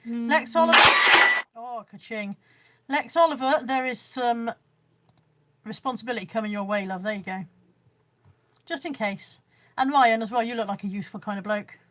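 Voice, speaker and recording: A middle-aged woman with a Bristolian accent and a slightly high voice, chatting away to her viewers on a phone livestream. She is chatty and self-mocking and keeps reading out comments from the chat. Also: normal speed, pauses often, a bit bright. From Bristol, England. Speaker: livestream host selling boot sale finds. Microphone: phone camera.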